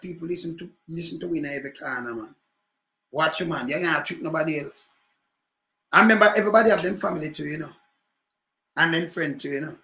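High bright Jamaican man ranting. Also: roomy sound. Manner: animated patois ranting, repeated rhetorical questions. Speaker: commentator. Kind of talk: livestream political commentary.

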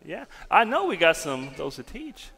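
A man's voice: a little high, moderate pace, gravelly, husky, long reverb tail. A male pastor giving a folksy children's sermon and prayer in a church sanctuary. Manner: animated storytelling, folksy.

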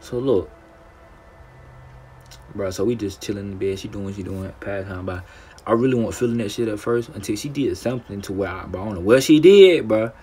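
Low-voiced young man, rambling storytime. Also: brisk, dark tone, a little hiss or hum. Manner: rambling, profane, stuttering. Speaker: gaming streamer. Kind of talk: casual storytime over gameplay.

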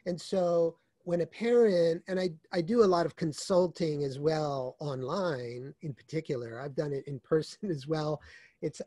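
A man speaking as an author guest in a conversational interview, with a warm, mellow tone. He explains things in a measured way and often circles back to restart a phrase. The recording is dry and close, with little room sound. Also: on the high side, dry recording.

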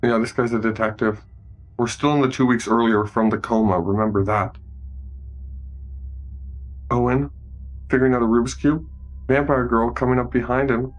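A man's voice: medium pitch, steady tone, normal speed, pauses often, lo-fi sound. A man casually narrating a film scene by scene, joking and commenting as he goes. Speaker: movie recap narrator. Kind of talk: casual improvised movie narration.

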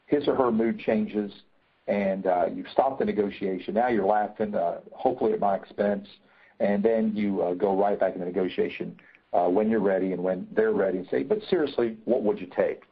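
A man's voice: on the low side, steady tone, normal speed, slightly rough. A man teaching negotiation in a webinar, emphatic, repeating his key points, with many fillers. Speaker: negotiation trainer. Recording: tinny phone-like line.

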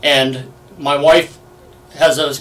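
A man in his seventies telling stories in an oral history interview, lively and full of fillers. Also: on the high side, takes it slowly. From United States. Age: 70s. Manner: lively anecdotal storyteller, many fillers. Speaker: Navy veteran interviewee. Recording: distant from the mic.

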